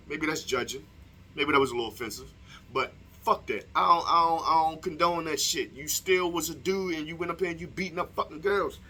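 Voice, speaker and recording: A man's voice: a little high, pushed and bright, slight background noise. A young man delivering a heated, profane opinion monologue to his viewers, firing off rhetorical questions. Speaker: vlogger. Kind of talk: casual opinion monologue to camera.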